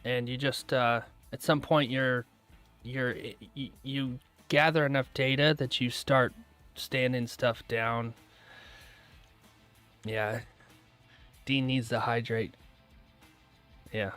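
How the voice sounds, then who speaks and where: A man running a day-trading live stream, chatting casually and answering viewers' comments aloud, relaxed and quick to laugh. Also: medium pitch, clear, resonant tone, faint music behind. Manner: relaxed, laughs often, trails off mid-thought.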